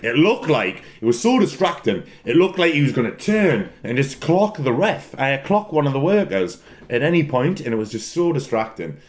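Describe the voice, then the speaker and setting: Guy chatting solo, giggles a lot, loud laughing fits, swears, repeats himself for laughs. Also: fairly high pitch, very animated, moderate pace, few pauses. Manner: rambling, repeats words for comic effect. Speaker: wrestler answering fan questions. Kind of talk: solo casual chat.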